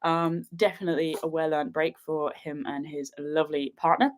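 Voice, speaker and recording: A woman's voice: sits low, little pitch movement, moderate pace. A young woman from England chatting bubbly and giggly to her livestream viewers from a sofa at her father's house, a little sniffly from a cat allergy. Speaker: outdoor vlogger hosting a livestream. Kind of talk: casual livestream chat to viewers.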